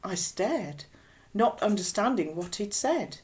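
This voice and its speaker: Slow, expressive woman storyteller. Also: medium pitch. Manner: unhurried, expressive reading. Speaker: audiobook reader. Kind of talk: storybook narration.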